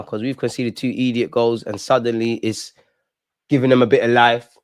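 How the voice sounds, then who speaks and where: A young man hosting a live football watch-along, animated and talking straight to the players and referee. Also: mid-range voice, normal speed, clear, resonant tone, no echo.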